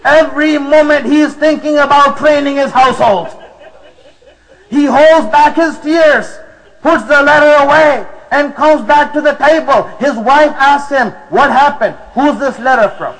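A man's voice: very high-pitched, fairly even intonation, measured pace, gravelly, fairly bright tone, poor audio. A man preaching to a congregation, retelling a story with emotion and drama. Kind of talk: sermon storytelling.

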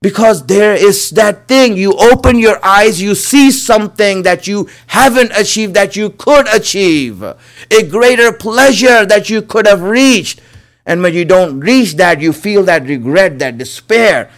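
Earnest man preaching, slightly high voice. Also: unhurried. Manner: earnest, repeats phrases for emphasis, addresses listeners as my friends. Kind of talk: religious sermon.

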